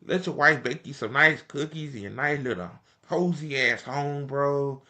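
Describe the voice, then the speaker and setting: A man's voice: medium pitch, normal speed, sharp tone. A young man reacting to a political speech in casual, profane, mocking commentary.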